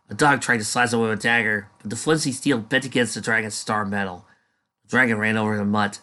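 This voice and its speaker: A man's voice: fairly low pitch, bright, forceful tone. A man casually reading a fan story aloud, dropping offhand asides between passages. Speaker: fanfiction reader.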